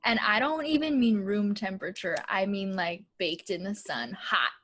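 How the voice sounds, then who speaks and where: A woman's voice: mid-range voice, animated, moderate pace, a bit bright, a little hiss or hum. Young woman gabbing on a podcast, chatty, says like a lot, laughs a bunch. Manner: chatty, laughs often, many "like" fillers. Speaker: podcast co-host. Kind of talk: casual chat.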